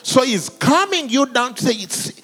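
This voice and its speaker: Man, pastor, high voice, very lively delivery, comic sermon. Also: a little fast. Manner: animated, comic, shifts between shouts and hushed asides.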